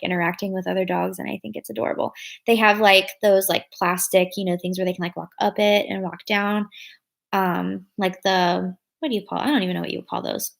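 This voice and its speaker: A woman's voice: mid-range voice, gravelly. A young woman in her twenties chatting casually with her livestream viewers, full of fillers and reading out their comments. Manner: chatty, many fillers, reads out chat comments. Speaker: livestream vlogger.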